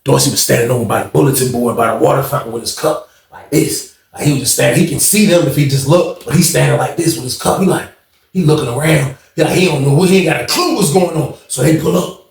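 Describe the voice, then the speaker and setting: A man telling a casual storytime in a lively, slangy way, acting out the voices of the people in it. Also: mid-range voice, quick pace, gravelly, roomy sound. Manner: animated, slangy retelling that acts out the voices of others.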